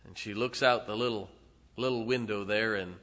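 A male preacher delivering a sermon, retelling a story dramatically with sudden loud swells and hushed drops. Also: lowish voice, fairly even intonation, normal speed.

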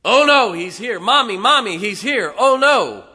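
A man's voice: lively intonation, unhurried, bright, forceful tone, husky, big-room sound, full character voice. A man putting on a shrieking frightened little girl. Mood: panicked. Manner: shrill panicked cries.

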